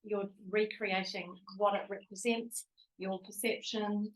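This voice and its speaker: A woman's voice: mid-range voice, little pitch movement, measured pace, echoey room, low-quality recording. A woman in a training group who sums up the teacher's points and affirms them. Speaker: training participant. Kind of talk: group discussion.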